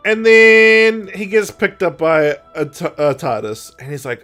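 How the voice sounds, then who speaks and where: Male podcast co-host, higher voice, animated retelling, quick voices for each character; faint music bed. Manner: animated, acts out characters' lines with jumps in pitch and loudness. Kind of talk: casual chat recapping an audio drama.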